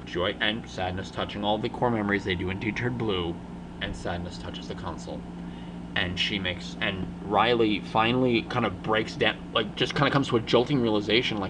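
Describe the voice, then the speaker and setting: A man's voice: on the low side, brisk, noisy background. A young man giving a casual spoken film review, rambling and often restarting or correcting himself mid-sentence.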